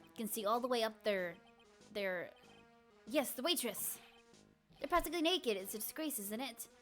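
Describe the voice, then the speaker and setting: A woman's voice: fairly high pitch, lively intonation, moderate pace, a bit bright, faint music behind. A woman doing a grouchy old grandpa. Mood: grumbling. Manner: gruff, indignant ranting. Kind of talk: video game dialogue read aloud.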